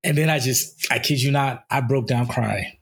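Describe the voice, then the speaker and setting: Husky man telling his story candidly. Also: mid-range voice, normal speed, fairly bright tone. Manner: candid, rambling storytelling with fillers. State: recovering from injury, in pain. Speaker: podcast co-host. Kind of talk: casual chat.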